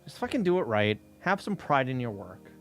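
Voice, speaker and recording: A man's voice: medium pitch, very animated, brisk, gravelly, soft background music. A man streaming while scanning old workbooks, ranting about a utility bill in casual, heavily profane chat.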